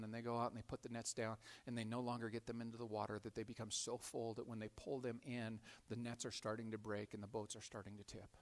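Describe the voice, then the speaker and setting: A man preaching a sermon, telling a story with animated swings from loud to hushed and frequent repeated words. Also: mid-range voice, brisk. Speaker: pastor.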